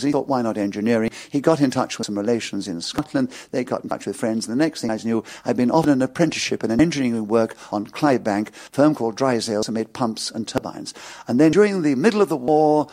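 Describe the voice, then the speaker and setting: Older posh English storyteller with a stutter. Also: male voice, medium pitch. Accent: English upper-class. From England. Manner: lively, amused raconteur. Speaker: interviewee. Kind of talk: anecdotal storytelling.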